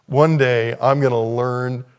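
A man preaching a sermon in a conversational way, with sudden loud, high-pitched bursts of emphasis. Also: smooth. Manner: conversational, thinking aloud. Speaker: pastor.

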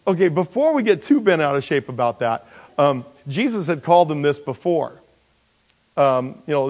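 A male pastor delivering a sermon in a relaxed, talky way, often restarting phrases. He now and then jumps into playful high voices to act out characters. His voice rings out with a long hall reverb. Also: normal speed. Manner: conversational, with frequent restarts and jokey high-pitched character voices.

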